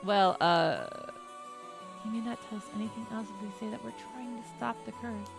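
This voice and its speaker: A woman's voice: mid-range voice, normal speed, vocal fry. A woman streamer giving casual, giggly commentary while playing a game, game music behind her. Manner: chatty, giggly, reading game dialogue aloud. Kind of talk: casual let's-play commentary.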